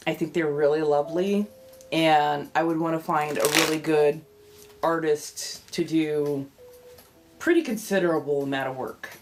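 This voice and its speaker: A woman's voice: deep voice, darkish tone, a little hiss or hum. A woman with a Californian accent chatting casually on a livestream, rambling from one thought to the next and welcoming viewers as they come in. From California, United States. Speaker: livestream host.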